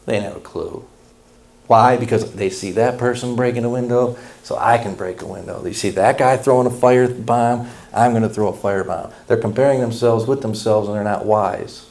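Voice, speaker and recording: A pastor preaching a sermon in a blunt, folksy, impassioned way. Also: male voice, medium pitch, normal speed, darkish tone.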